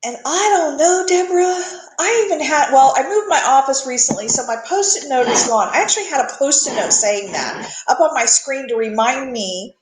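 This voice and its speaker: A woman's voice: high-pitched, lively intonation, moderate pace, echoey room, background noise. A woman hosting a casual faith chat, talking in a chatty, self-mocking way with lots of restarts. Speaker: host.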